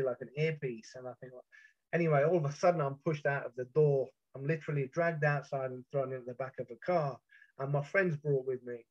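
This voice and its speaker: A British man telling a first-person account of a past ordeal, intense and halting, with frequent restarts. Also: on the high side, darkish tone. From Britain. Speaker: storyteller. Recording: muffled lo-fi recording.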